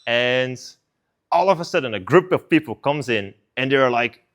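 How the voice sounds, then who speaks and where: A young man gives a casual sermon at a student service. He retells the story in an animated, conversational way. His speech is loose and full of filler like "like". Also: medium pitch, normal speed. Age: young adult.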